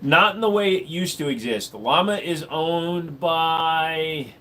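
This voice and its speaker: A man's voice: fairly high pitch, slow pace, bright, forceful tone, slight background noise. A man casually chatting with his stream viewers, crude and rambling, cracking jokes. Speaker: streamer answering chat. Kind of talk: casual live stream chat. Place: home room with gun wall.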